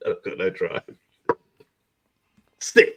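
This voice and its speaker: A man's voice: slow pace, fairly bright tone. A man playing in a tabletop game, chatting casually with laughing asides. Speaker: player.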